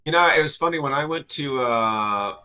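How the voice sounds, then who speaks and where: A man chatting casually on a livestream, rambling with halting restarts. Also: medium pitch, expressive, sharp tone, lo-fi sound. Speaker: livestream co-host. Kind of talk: casual chat.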